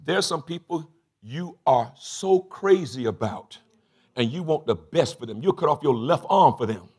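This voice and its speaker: A middle-aged man, preaching a sermon as bishop in a church, swinging from low confiding talk to shouted bursts. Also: animated, unhurried, slightly rough. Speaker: bishop and pastor. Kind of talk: call-and-response sermon. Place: church sanctuary.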